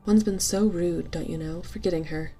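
A woman's voice: lowish voice, steady tone, normal speed, warm tone, soft background music, lightly acted. A woman voicing a genteel society lady from an old story, who talks in a drowsy, languid way. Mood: drowsy, embarrassed.

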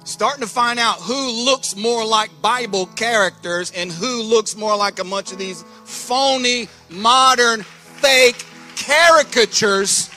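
Fiery preacher, high and bright. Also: male voice, normal speed, hardly any pauses, faint music behind. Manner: fiery, animated, keeps calling "Hello?" to the crowd. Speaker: preacher and co-host. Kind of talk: fiery live sermon. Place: church hall in Florida.

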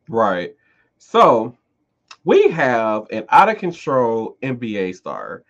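A man's voice: mid-range voice, wildly swooping pitch, takes it slowly. A man hosting a casual podcast chat, speaking bluntly and emphatically with frequent restarts. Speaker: podcast host. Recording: dull lo-fi sound.

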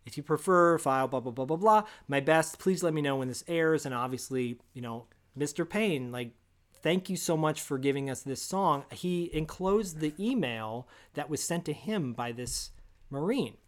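A man co-hosting a casual podcast, telling a long story with lively asides and quoted voices. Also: a little high, moderate pace. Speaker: podcast co-host. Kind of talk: casual chat.

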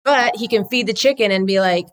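A woman's voice: mid-range voice, fairly quick. A woman who co-founded a law firm, talking energetically and bluntly as an interview guest, now and then swearing and mimicking other people's voices. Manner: swings into acted quotes of others. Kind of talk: casual interview talk.

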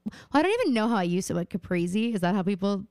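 A woman's voice: medium pitch, big pitch swings, fast talker, a little mellow, clean tone, no room sound, studio quality. A young woman co-hosting a podcast in casual chat, rambling with lots of fillers and giggles. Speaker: podcast co-host.

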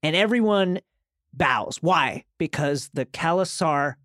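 A man's voice: fairly high pitch, lively intonation, slow, fairly bright tone, dry recording, studio quality. A man co-hosting a podcast, recapping an episode in a jokey, profane way and acting out quotes. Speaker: podcast co-host. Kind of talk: casual recap chat.

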